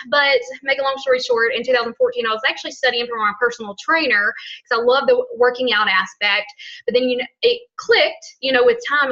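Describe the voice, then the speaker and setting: This woman in her thirties speaks with a strong Alabama Southern accent, sharp and bright in tone. She rambles through her story with excited laughs and quick asides. The sound comes through a dull, lo-fi call line. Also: a little high. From Alabama, USA. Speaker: guest speaker. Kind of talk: casual talk on a team call. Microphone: online call.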